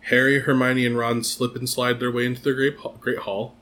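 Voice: medium pitch, little pitch movement, moderate pace, a bit bright. A podcast co-host in casual chat, playful and teasing, who acts out quotes.

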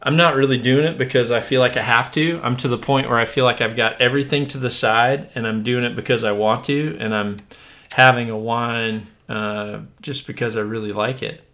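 A man hosting a casual podcast, talking in a relaxed, rambling way with many fillers and restarts. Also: medium pitch, moderate pace. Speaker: podcast host. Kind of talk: casual chat.

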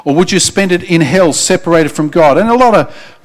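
An Australian man preaching a sermon, earnest and urgent, dropping soft and low when he pleads with listeners. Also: lively intonation, a little fast. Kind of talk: sermon with altar call.

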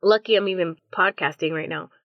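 A woman in her thirties chats casually as a podcast co-host and tosses in friendly, quick asides. The recording is dry and dull, with a lo-fi sound. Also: fairly low pitch, no room sound. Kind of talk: casual chat. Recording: dull lo-fi audio.

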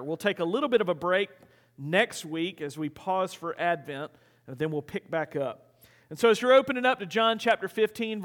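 A man's voice: high-pitched, fairly bright tone. A male pastor preaching a sermon in a conversational, storytelling way in a church. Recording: hall reverb.

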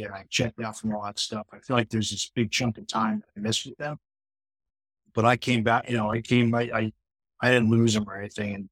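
Husky middle-aged man telling his story. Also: on the low side, a bit bright, no room sound, rough recording. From New York, USA. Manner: conversational, frequent restarts and "you know" fillers. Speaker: podcast guest. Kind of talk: casual personal storytelling.

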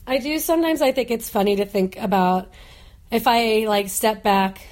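A high-voiced woman in her thirties, chatting and joking. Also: normal speed, a little mellow. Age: 30s. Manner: joking, laughs often, playful put-on voices. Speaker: podcast host. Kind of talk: casual chat.

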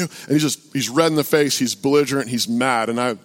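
A man, a pastor, telling a story in a halting sermon style full of fillers and restarts. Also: mid-range voice. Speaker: pastor and open-air preacher. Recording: long hall reverb.

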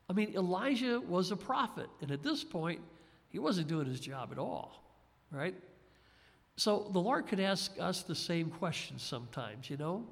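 A man's voice: fairly high pitch, lively intonation, a little slow, vocal fry. A man preaching a sermon in a conversational, folksy way, with frequent asides to his listeners. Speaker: pastor. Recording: long hall reverb.

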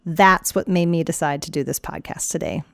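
A woman hosting a health podcast as a chiropractor, talking casually and telling stories with lively energy. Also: low voice, fairly quick, creaky, no room sound, clean studio sound. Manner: energetic, animated storytelling.

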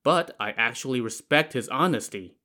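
A man voicing a calm, courteous male leader who speaks softly. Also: medium pitch, moderate pace.

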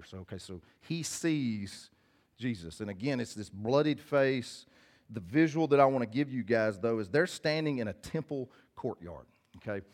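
A mid-range, animated male voice, a little mellow, moving at normal speed. He's a pastor preaching conversationally, reading scripture aloud and following it with plain explanation for those listening.

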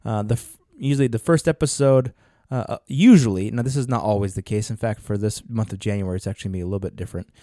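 A man's voice: fairly low pitch, fast, few pauses, mellow, no echo, studio quality. A man co-hosting a podcast, talking in a casual, earnest way with many fillers and restarts. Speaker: podcast co-host. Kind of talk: casual chat.

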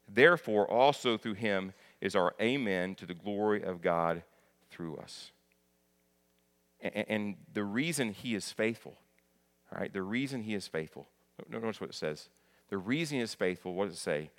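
A man's voice: on the low side, animated, fairly quick, fairly bright tone, in a large hall. A man preaching a sermon in an earnest way, who repeats key phrases for emphasis and restarts words. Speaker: pastor.

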